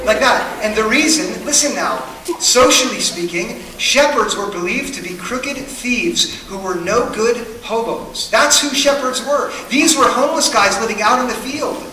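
Man, high bright voice, earnest sermon, repeated questions, roomy hall, mic set back. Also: measured pace, noisy background. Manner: earnest, questioning, builds with repetition. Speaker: pastor. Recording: echoey hall, mic at a distance.

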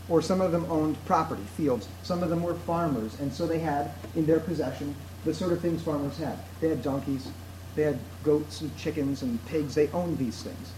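A man preaching a sermon to a seated congregation, in a measured, conversational way that puts questions to his listeners. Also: on the high side, a little mellow, far from the mic. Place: church hall with seated congregation. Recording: echoey room, faint background noise.

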